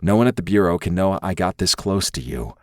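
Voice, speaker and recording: A man voicing a soft-spoken pleading male agent. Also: deep voice, animated, a little fast, dry recording, studio quality. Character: earnest pleading male lover, secret federal agent.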